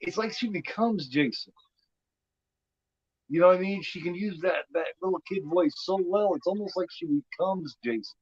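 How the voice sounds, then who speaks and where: With a slightly rough voice that sits high, a man in his fifties talks at a moderate pace while hosting an easygoing movie commentary. He rambles and repeats himself with plenty of "you know what I mean," over dull lo-fi audio with no room sound.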